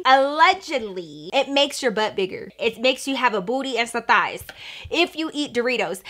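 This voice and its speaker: A young woman telling a casual storytime to her viewers, animated, slangy and profane, talking straight to the camera. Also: high voice. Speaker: storytime vlogger.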